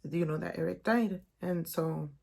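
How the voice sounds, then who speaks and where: A young woman, telling a painful personal story in a vlog, halting and emotional, full of "like" and "um". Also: fairly low pitch, gravelly, a little mellow, breathy edge. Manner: emotional, halting retelling with many "like" and "um". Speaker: vlogger.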